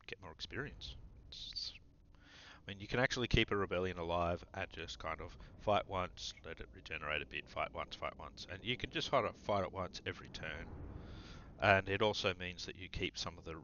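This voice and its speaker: A man hosting gameplay commentary, talking through his moves in a relaxed, rambling way with many fillers. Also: low voice, lo-fi sound, a little hiss or hum. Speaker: gaming channel host.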